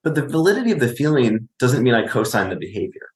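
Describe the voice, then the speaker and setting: A man, a clinician appearing as a podcast guest, talks through parenting conversationally, often asking "right?" and acting out what a parent would say. His mid-range voice swings widely in pitch at a quick pace, and the sound is reverberant.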